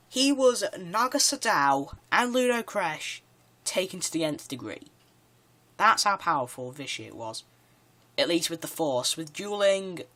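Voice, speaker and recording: Pushed and bright, with a fairly high pitch, this man's voice runs through eager, rambling countdown commentary on a video he made, dropping "yeah" constantly and starting sentences over.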